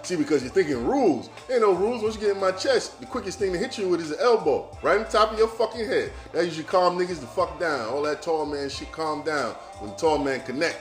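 A man hosting a podcast, talking in a loose, profane and animated casual monologue straight to his listeners. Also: fairly high pitch, quick pace, hardly any pauses, roomy sound, soft background music. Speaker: podcast host.

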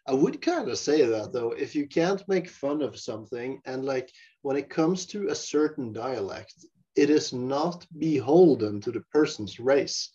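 A man's voice: mid-range voice, lively intonation, unhurried, mellow. Man on a dull lo-fi recording. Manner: provocative, clears throat often. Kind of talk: casual chat.

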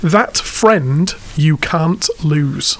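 A man's voice: a little high, lively intonation, drawn-out words, vocal fry. A man with an English accent, co-hosting a casual podcast chat with dry, teasing banter. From England. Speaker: podcast co-host.

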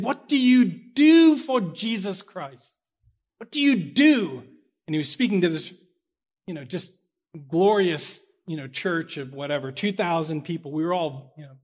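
A pastor preaching a sermon, slowing down to stress key words, with big swings in loudness, and correcting himself as he goes. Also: fairly high pitch. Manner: corrects himself out loud mid-sentence.

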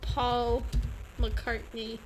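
A woman's voice: fairly high pitch, flat delivery, drawn-out words, poor audio. A young adult woman co-hosting a podcast, chatting casually and animatedly with lots of laughter. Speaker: podcast co-host. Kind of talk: casual chat.

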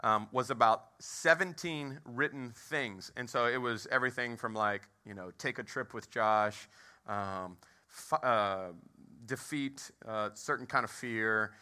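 Bright-voiced pastor preaching. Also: male voice, mid-range voice, unhurried. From Texas. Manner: energetic, storytelling, asks the crowd questions. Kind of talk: sermon with humorous story. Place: movie theater used as a church.

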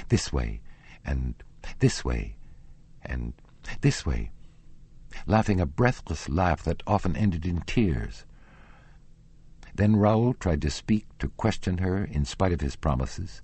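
A man with a very deep, husky voice narrates a classic novel. His storytelling is measured and expressive, and his pitch moves widely. The recording is dry and close to the mic. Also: dry recording. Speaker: audiobook narrator.

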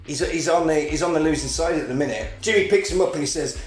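Animated man retelling a film. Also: on the high side, fast, roomy sound, faint music behind. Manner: animated storytelling, acting out lines, frequent laughs. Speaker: podcast co-host. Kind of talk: casual film recap chat.

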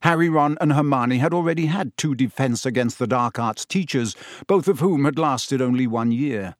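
A man narrating an audiobook chapter in an expressive storytelling voice. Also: mid-range voice, moderate pace, no echo, clean studio sound.

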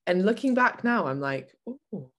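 A woman's voice: on the low side, sing-song, normal speed. A British woman co-hosting a podcast, reading listener comments aloud in a casual, slightly hesitant way. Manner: easygoing, hesitant with fillers, self-deprecating.

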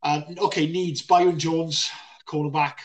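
A man co-hosting a casual sports podcast, excitable and full of banter, laughing often. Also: on the high side, measured pace, far from the mic, over a noisy crowd. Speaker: podcast co-host.

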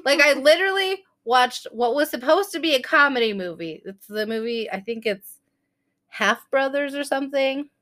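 A woman in her thirties co-hosting a podcast, chatting casually, joking at her own expense, laughing often and acting out quotes in high squealing voices. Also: lively intonation, moderate pace, a bit bright. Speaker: podcast co-host. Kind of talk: casual chat.

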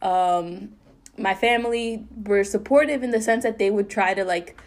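A young woman co-hosting a podcast, telling a painful personal story in an earnest, halting way full of fillers and restarts. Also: mid-range voice. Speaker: podcast co-host.

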